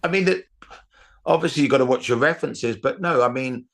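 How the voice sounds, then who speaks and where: A middle-aged comedian telling rambling anecdotes in a casual interview, with restarts and acted-out quotes. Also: male voice, mid-range voice, fairly quick, vocal fry, a crowd in the background. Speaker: comedian guest.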